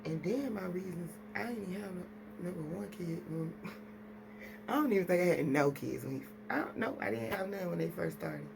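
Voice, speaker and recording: A woman's voice: on the low side, moderate pace, gravelly, noisy background. A woman, talking casually and rambling straight to her viewers at home. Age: adult with children. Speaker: vlogger. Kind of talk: casual chat to camera.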